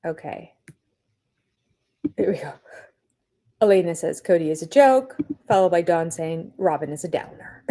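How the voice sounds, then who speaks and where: A woman's voice: fairly low pitch, expressive, a little slow, pauses often, warm tone. An older woman hosting a casual live stream, chatty and opinionated, laughing often as she talks from home. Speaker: reality TV review host. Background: cat nearby.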